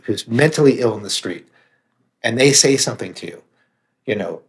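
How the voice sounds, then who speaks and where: A man's voice: mid-range voice, lively intonation, normal speed. A man speaking as a podcast guest, earnest and reflective, swearing now and then for emphasis. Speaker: author and meditation teacher, guest. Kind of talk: candid podcast conversation.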